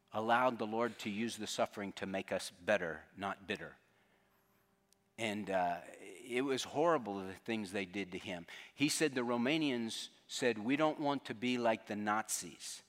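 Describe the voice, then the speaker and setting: Male pastor, lowish voice, earnest storytelling sermon, long church reverb. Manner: earnest, drops to a hushed tone for quotes. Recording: long reverb of a large hall.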